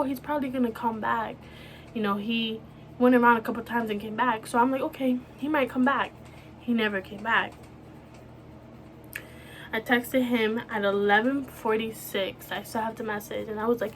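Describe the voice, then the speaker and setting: Young woman, slightly high voice, emotional halting personal story, faint background noise. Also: fairly bright tone. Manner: emotional, halting, many restarts and "like". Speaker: vlogger.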